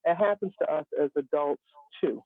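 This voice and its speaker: A woman's voice: low voice, moderate pace. Woman telling her story over a tinny line. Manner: earnest, emphatic, humorous asides. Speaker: guest speaker. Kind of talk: live-stream storytelling. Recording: tinny phone-line sound.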